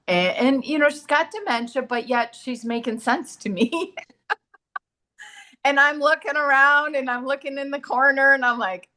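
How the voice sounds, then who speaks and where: Guesting on a casual talk show, a middle-aged medium and massage therapist tells stories earnestly, acting out the quoted lines. Her voice sits a little high, with a sharp tone and a measured pace.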